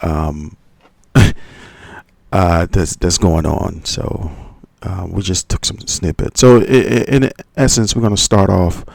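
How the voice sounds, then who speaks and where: A man's voice: deep voice, fairly even intonation, slow, vocal fry, a little mellow, dry recording. A man hosting a channel, recapping podcast drama with a hesitant, filler-heavy delivery. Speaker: channel host. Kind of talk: commentary recap.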